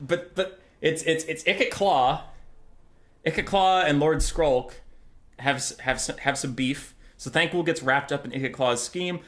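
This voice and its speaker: A young male streamer chatting casually over a game in a fairly high voice. His pitch swings all over as he gushes, with plenty of swearing mixed in. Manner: animated, swearing, gushing.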